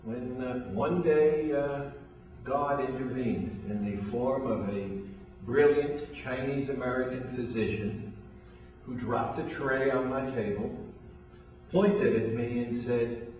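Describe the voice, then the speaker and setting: A man's voice: mid-range voice, fairly even intonation, slow, a little mellow, recorded from a distance. An older man, founder of a weight loss program, telling a long anecdote as a guest and acting out the lines of the people in it. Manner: anecdotal, acts out quoted dialogue. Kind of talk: storytelling interview. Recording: echoey room, voice from off-mic.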